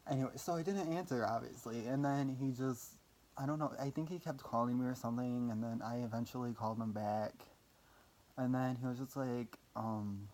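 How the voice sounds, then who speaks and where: A man's voice: medium pitch, brisk, darkish tone. A young man telling a personal story in a casual vlog, rambling with lots of fillers, swearing casually and making fun of himself. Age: young adult. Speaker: vlogger.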